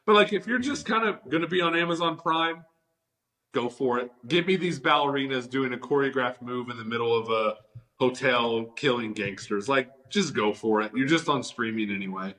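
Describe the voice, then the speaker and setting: A man's voice: medium pitch, moderate pace. A man co-hosting a casual movie review chat, talking with enthusiasm and leaning on "like" as a filler. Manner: enthusiastic, animated, leans on "like". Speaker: podcast co-host.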